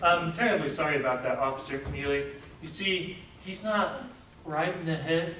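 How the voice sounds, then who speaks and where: Young man in the part of a chipper nephew, high-ish voice, hissy stage recording from far back. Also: normal speed, pushed and bright. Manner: eager, reassuring. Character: cheerful, devoted young nephew. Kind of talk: amateur stage play. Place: stage in a hall. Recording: echoey hall from far off, hiss.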